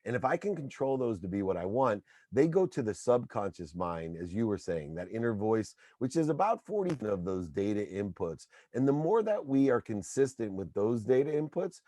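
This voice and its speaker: A middle-aged man, a podcast guest, talking in an energetic, motivational way and telling anecdotes. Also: lowish voice, normal speed, few pauses. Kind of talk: casual interview talk.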